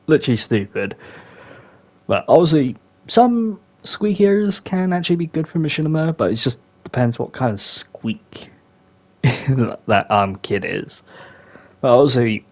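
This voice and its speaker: A young man hosting a podcast, chatting casually and rambling with many fillers. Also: fairly low pitch. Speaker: podcast host.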